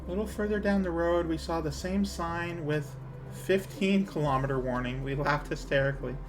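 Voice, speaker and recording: A man's voice: a little high, moderate pace, music in the background. A man streaming a game, chatting casually in a rambling way and laughing at his own jokes.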